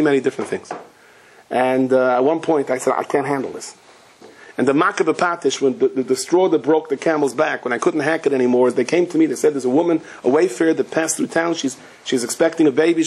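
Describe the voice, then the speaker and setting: A man's voice: a little mellow, husky. A man, a rabbi teaching a Torah class, telling stories and acting out the voices of the people in them. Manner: storytelling, acting out voices with swings of pitch.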